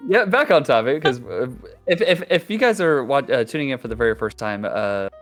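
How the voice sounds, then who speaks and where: A man hosting a casual tabletop gaming podcast, talking in a soft, low-key way. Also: expressive, brisk, faint music behind. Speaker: podcast host.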